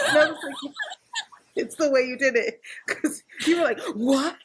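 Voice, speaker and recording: A woman's voice: sits high, wildly swooping pitch, unhurried, fairly bright tone, slight background noise. A woman co-hosting a casual podcast, telling a story with lots of laughter and acted-out quotes. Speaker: podcast co-host.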